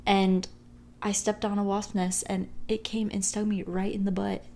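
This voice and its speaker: A woman's voice: medium pitch, level tone, normal speed, crowd noise. A woman co-hosting a podcast, telling stories and reading a listener's submission in a casual way, often breaking into giggles. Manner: giggly, bursts into laughter. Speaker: podcast co-host. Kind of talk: casual storytelling.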